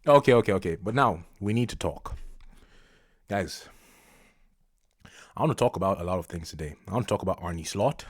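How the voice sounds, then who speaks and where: Low-voiced guy ranting about his team, fuming and repeating himself, dry room. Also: lively intonation, a little fast, long pauses, husky, no echo. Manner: frustrated, repetitive, exasperated. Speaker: football fan vlogger. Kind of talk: ranting football vlog.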